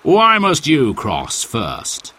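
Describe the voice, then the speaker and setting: A man reading a storybook aloud, voicing a tall, broad, stubborn stranger who speaks slowly, firmly and defiantly. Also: mid-range voice, huge pitch swings, bright, forceful tone, breathy edge, full character voice. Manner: slow, firm and defiant.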